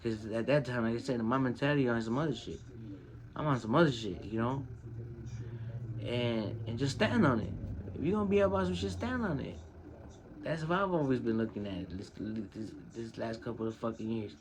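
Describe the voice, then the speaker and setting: A man hosting his own show, telling a personal story in casual, profane street slang and getting animated when he quotes people. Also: medium pitch, moderate pace, a crowd in the background. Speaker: podcast host.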